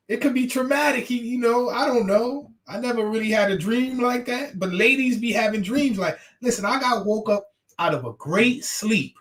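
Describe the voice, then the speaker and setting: A man hosting a casual stream chat, talking in an animated, repetitive, teasing way. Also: very high-pitched. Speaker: livestream host talking with guests.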